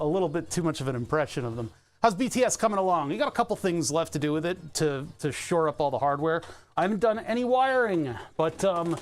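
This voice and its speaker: A man casually rambling and joking on a stream from his home workbench, sardonic and full of restarts. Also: on the high side. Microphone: desk webcam setup.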